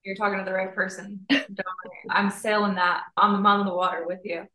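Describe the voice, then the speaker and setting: A woman's voice: mid-range voice, level tone, brisk, bright, forceful tone. A woman talking as a guest in a casual spiritual conversation, flowing and emphatic, building long runs of repeated phrases. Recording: roomy echo.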